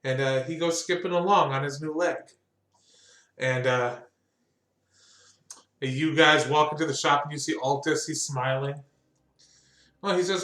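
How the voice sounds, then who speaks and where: A man's voice: a little high, measured pace, pauses often, fairly bright tone, echoey room. A man narrating as game master of a tabletop game, loose and rambling with fillers.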